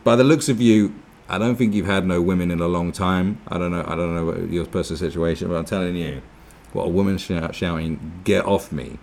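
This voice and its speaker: A man's voice: low-pitched, steady tone, a little fast, vocal fry, hardly any pauses, darkish tone, a little hiss or hum. A man giving a casual, sweary, sarcastic commentary, reacting to an article with mocking asides. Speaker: political commentary vlogger.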